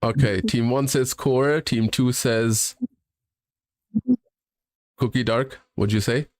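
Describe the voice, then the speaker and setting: A man hosting a casual game quiz on a live stream, brisk and laughing between questions. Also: mid-range voice, darkish tone, dry recording, clean studio sound.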